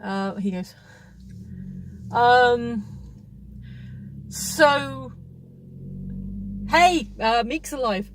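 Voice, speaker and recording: A woman's voice: fairly high pitch, lively intonation, drawn-out words, pauses often, slight background noise. A woman hosting a casual film review chat, rambling and chatty with frequent laughs. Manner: rambling, chatty, laughs often, many restarts.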